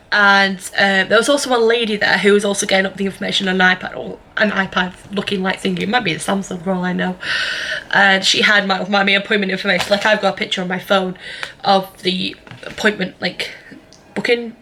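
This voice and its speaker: A young woman talks straight to the camera in a loose, chatty vlog. Her voice is bright and clear, and she rambles along with plenty of ums and self-corrections. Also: medium pitch, little pitch movement, a little fast, a little hiss or hum. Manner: rambling, chatty, many fillers and restarts. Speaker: vlogger. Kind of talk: casual vlog chat.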